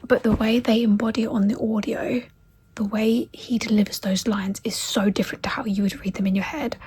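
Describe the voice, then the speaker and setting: A woman vlogging about a book she is reading, tearful and crying, often dropping into breathy half-whispers and trailing off. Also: medium pitch, steady tone, a little fast, a little mellow. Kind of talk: emotional reading vlog chat.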